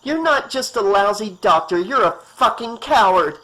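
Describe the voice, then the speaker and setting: A man's voice: high voice, animated, moderate pace, pushed and bright, voice pushed up, poor audio. A man voicing a hysterical mother who shrieks and cries as she searches for her daughter. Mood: furious. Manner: shrieking, frantic, pleading. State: crying.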